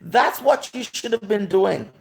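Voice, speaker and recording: A woman's voice: mid-range voice, lively intonation, a little slow, creaky, a little mellow. A woman in her late thirties with a Jamaican accent, ranting and scolding on a live stream, drawing out words for emphasis. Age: 30s. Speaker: vlogger.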